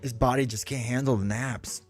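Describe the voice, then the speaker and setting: A middle-aged man rambles casually on his live stream, reading chat aloud between stories. His voice sits at an ordinary middle pitch, with faint music playing underneath. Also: fairly even intonation, moderate pace.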